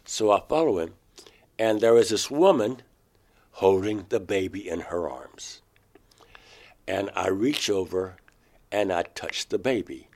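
Halting, low-voiced man recounting an experience. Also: expressive, darkish tone. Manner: halting, restarts mid-phrase, voice rising sharply when quoting himself. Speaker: interview guest, painter.

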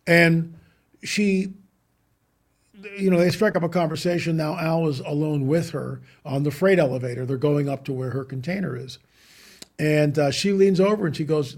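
A man, a guest on a talk show, telling a story with animated emphasis and repeating key lines. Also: fairly high pitch, normal speed. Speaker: guest, UFO researcher. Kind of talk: podcast interview storytelling.

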